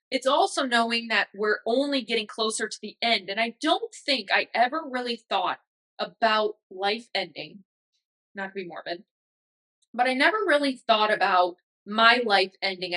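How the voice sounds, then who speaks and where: A woman's voice: on the high side, a bit bright, poor audio. A woman in her thirties hosting a podcast, talking in a casual, emotional way with many fillers. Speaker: podcast host. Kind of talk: casual reflective monologue.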